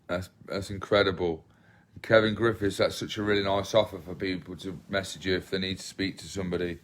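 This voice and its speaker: A man's voice: sits low, steady tone, a little fast. A man, chatting casually on a livestream, rambling, swearing and reading viewer comments aloud. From England. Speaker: livestream host.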